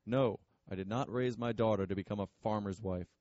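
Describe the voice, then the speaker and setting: A man voicing a stern, pompous wealthy father who speaks in a gruff, curt and scornful way. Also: fairly low pitch, fairly even intonation, a little fast, a little mellow, no echo, muffled recording, natural voice.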